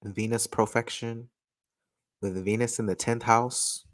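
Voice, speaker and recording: On a live stream, someone with a medium-pitched, steady voice gives casual astrology and tarot readings, speaking a little slowly into a close desk microphone on a dry recording. The delivery is chatty and playful, with frequent laughter.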